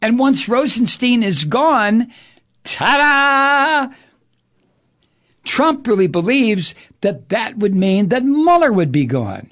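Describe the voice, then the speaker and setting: A man's voice: high voice, big pitch swings, measured pace, few pauses. A man hosting a political talk show, delivering an angry, profane and sarcastic monologue, drawing out words for emphasis. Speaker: political talk radio host.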